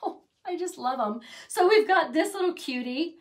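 A middle-aged woman with a high voice walks through a craft project in a casual, chatty way. She gushes and dotes on each little piece she makes. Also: animated, normal speed. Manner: gushing, chatty, doting on her crafts. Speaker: craft channel host.

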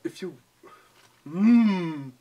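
A young man co-hosting a casual accent challenge video, playful and quick to laugh. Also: high voice, lively intonation, noisy background. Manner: playful, laughs often, tries silly accents. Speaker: YouTube co-host.

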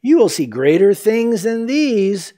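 A male pastor teaching a verse-by-verse sermon in a casual, conversational way, acting out the characters' lines in lively voices. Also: high-pitched, slow. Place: church sanctuary.

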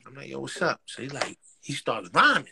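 A rapper with a New York accent and a brisk, gravelly mid-range voice tells street stories in a casual interview with background noise. He's animated, full of slang, acts out quotes, and laughs often.

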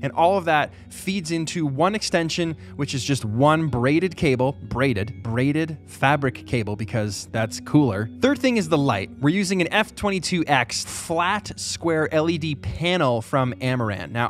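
A man giving a casual tour of his video studio gear on a boom mic, joking with animated asides. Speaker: YouTube creator.

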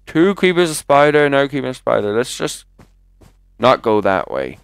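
A man's voice: mid-range voice, sing-song, moderate pace, gravelly, long pauses, clear, resonant tone, no room sound. A man giving rambling live commentary while playing a video game, chatty and prone to jumpy exclamations. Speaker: gaming commentator. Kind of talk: live let's-play commentary.

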